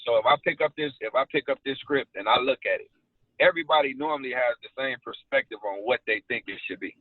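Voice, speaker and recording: Man, casual slangy storyteller, mid pitch, tinny dry recording. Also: fast, dry recording. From South Side Chicago. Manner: animated storytelling with street slang. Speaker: actor guest. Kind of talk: casual interview chat. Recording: tinny phone-like dry sound.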